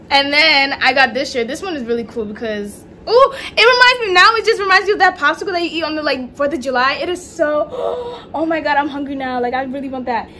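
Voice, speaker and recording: A young woman chatting casually in a home vlog, excitable and gushing, full of slang, with faint noise in the background. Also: high-pitched, brisk. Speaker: vlogger. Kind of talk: casual haul vlog chat. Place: home room at night.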